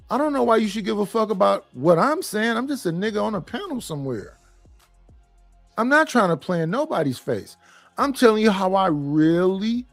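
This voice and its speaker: A man's voice: high-pitched, no echo. A middle-aged man talking bluntly and profanely on a panel, rambling and stopping to restart his sentences. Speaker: panel guest. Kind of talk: casual opinion talk.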